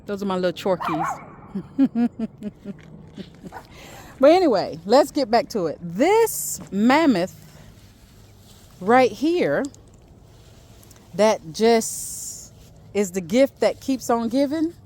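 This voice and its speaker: A woman's voice: on the high side, very animated, takes it slowly, long pauses, mellow. A woman chatting casually while she walks through her backyard garden, speaking in a faith-filled, repetitive way. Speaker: gardening vlogger.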